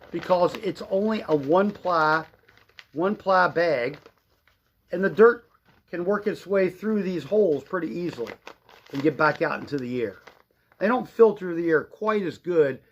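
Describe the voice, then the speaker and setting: A man's voice: fairly high pitch, expressive, moderate pace, a little hiss or hum. A middle-aged man, a shop owner, giving a folksy, rambling product demonstration on a live stream. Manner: folksy, rambling explanations with fillers. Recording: dull lo-fi livestream audio.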